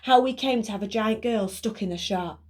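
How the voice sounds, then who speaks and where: A woman voicing a firm, practical boy who takes charge, speaking loudly and briskly. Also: mid-range voice, close to an everyday voice. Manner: firm and commanding.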